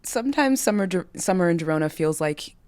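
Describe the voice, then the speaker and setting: Relaxed woman guest on a podcast, lowish voice, keeps answers short and laughs a lot. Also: a little fast. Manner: laid-back, laughs often, answers short. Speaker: guest, pro cyclist. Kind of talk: casual podcast chat.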